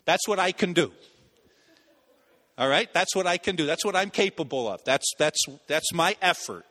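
A male pastor preaches with a high, bright, ringing voice. He tells a story with lively, animated delivery, now and then acting out the people in it. His voice carries a long reverb, as in a large sanctuary. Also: normal speed. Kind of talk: sermon with personal story.

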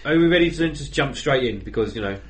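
Male podcast host, animated pitch, self-mocking banter. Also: quick pace, background noise. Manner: laughing, rambling, self-mocking. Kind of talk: casual banter.

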